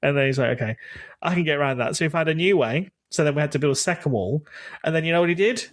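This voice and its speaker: A man in his thirties, co-hosting a podcast and telling a funny story with lively acted-out voices. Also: on the high side, quick pace. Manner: animated storytelling, acts out scenes. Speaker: podcast co-host. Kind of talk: casual chat.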